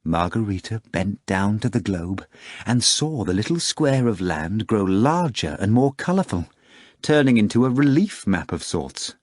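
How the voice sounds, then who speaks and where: A man narrating an audiobook in a measured, even manner. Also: fairly low pitch, dry recording, clean studio sound. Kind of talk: scripted narration.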